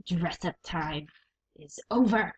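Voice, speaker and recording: A woman reading aloud voices a cruel, contemptuous male rat villain from a storybook, speaking slowly and coldly. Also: lowish voice, slight background noise. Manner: slow, cold, contemptuous. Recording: dull lo-fi recording.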